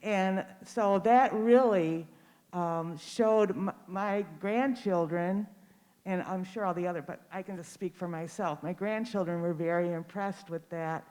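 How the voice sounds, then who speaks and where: An older woman from Detroit speaks in a measured, hesitant way at a community listening session. She often pauses on fillers as she goes. Her voice carries a long reverb from a large school hall. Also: lowish voice, a little mellow. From Detroit, USA. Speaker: community member giving public comment.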